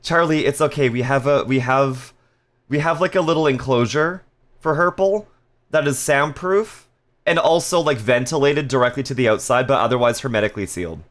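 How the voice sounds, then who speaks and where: A man's voice: mid-range voice, normal speed, fairly bright tone. A man casually chatting on a live stream, reading viewer messages aloud with playful jokes and frequent laughter. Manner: laughs often.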